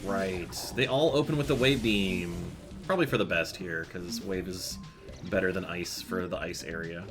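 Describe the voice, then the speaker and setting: Male streamer, low voice, chatty and muttering, game music loud behind. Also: normal speed. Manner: chatty, reads chat aloud, mutters to himself. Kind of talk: casual gameplay commentary.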